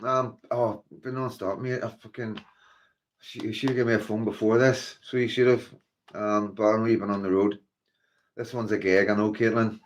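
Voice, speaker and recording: Man, Northern Irish accent, somewhat low voice, casual livestream host, rambling chatty delivery. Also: little pitch movement, moderate pace. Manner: chatty, rambling, with frequent fillers like "you know" and "like". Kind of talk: casual livestream chat, greeting viewers.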